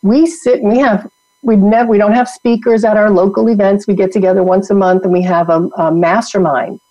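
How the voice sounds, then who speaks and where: Motivational podcast guest, woman, emphatic coaching delivery, mellow tone, dead-dry sound. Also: mid-range voice, steady tone, a little fast, no echo, low-quality recording. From New York. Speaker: guest, women's network founder.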